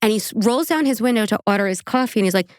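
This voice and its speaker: A woman hosting a casual true crime podcast, chatty and animated, laughing often and filling her talk with "like". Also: on the high side, racing, dry recording, clean studio sound. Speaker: podcast host.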